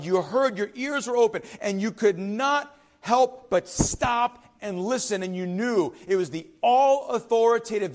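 Male pastor, sermon, higher voice, lively swooping delivery, repeats himself for emphasis. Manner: emphatic, repeats phrases, frequent "right?" asides; swings between loud declarations and quiet confiding asides.

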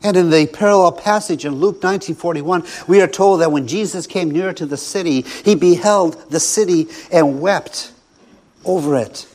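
A man preaching a sermon, his voice sitting a little higher than most men's. He builds his points through repetition and slows down to land each line with emphasis. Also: a little mellow. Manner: rhetorical repetition with slow, emphatic pauses.

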